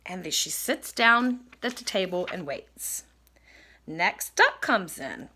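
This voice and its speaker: Animated woman reading a picture book. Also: on the low side, slow, slightly rough. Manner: animated, sing-song. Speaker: storybook reader.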